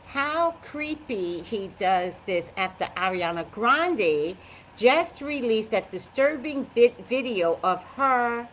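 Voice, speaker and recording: A woman psychic chatting on a live stream, greeting viewers by name and giving her blunt, animated opinions. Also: mid-range voice, takes it slowly, background noise.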